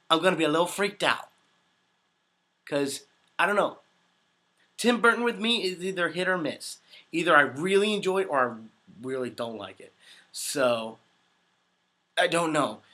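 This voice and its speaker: A man in his twenties chatting casually on a livestream, answering viewer comments in an upbeat, easily excited way. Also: fairly high pitch. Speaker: voice actor hosting a livestream.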